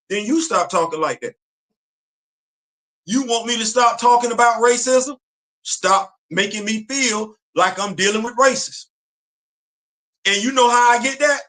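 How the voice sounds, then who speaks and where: Fired-up man with a high bright voice. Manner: emphatic, repetitive, street slang and rhetorical questions. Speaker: host. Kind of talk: impassioned commentary. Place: home studio on a live stream.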